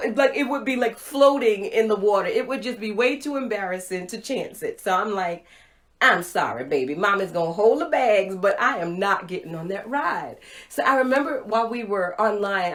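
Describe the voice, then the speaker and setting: A middle-aged woman giving a motivational livestream talk, telling a personal story with animated acted-out dialogue. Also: on the high side. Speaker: motivational speaker. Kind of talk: Facebook Live talk to viewers.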